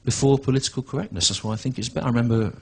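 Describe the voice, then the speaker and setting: A man, doing a stand-up routine in a halting, deadpan way with restarts and asides. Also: medium pitch, slightly rough, low-quality recording. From England. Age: 40s. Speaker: stand-up comedian. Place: comedy venue with a live audience.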